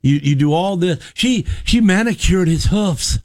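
A man's voice: sits high, expressive, measured pace, a little mellow. A man casually telling a long rambling story on a talk show, acting out what people said. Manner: rambling storyteller, acts out quotes. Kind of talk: casual radio chat.

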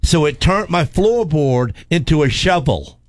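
A man telling a racing crash story in casual chat, animated and repeating words as he goes. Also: a little high, a little slow, no echo. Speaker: former race car driver telling stories.

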